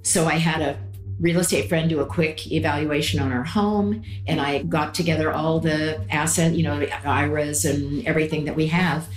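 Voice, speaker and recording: A woman's voice: deep voice, fairly even intonation, normal speed. Older woman in a roomy recording. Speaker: interviewee, mother. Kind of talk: casual recounting. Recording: roomy recording with music underneath.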